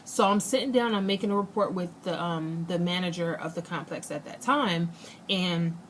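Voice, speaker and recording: A young woman with a fairly low voice tells a personal story straight to the camera in a loose, chatty way. She throws herself into the retelling and acts out the lines people said. A faint hum of noise sits behind her. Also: moderate pace. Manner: animated retelling, acts out quotes. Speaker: vlogger. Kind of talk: casual storytelling.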